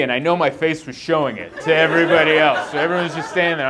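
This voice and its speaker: A man's voice: a little high, fast talker, very noisy. A male stand-up comedian telling a long self-deprecating story on stage, acting out his own thoughts. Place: comedy club stage before a live audience. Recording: live show with clear audience laughter.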